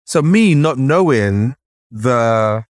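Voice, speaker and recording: This Nigerian man is storytelling as a podcast guest, energetic and saying "like" constantly. Acting out voices from memory sends his pitch all over the place. He speaks extremely slowly, and the recording is close and dry, with no room sound.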